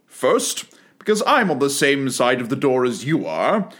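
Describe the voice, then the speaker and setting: A man voicing a stubborn male footman who speaks slowly, solemnly and deadpan in a storybook reading. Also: medium pitch.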